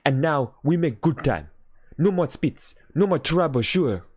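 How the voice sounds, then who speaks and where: A man reading aloud and voicing an excitable dog driver who exclaims in broken English. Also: on the high side, a little slow, husky, voice pushed up. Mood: cheerful. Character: excitable French-Canadian male dog driver.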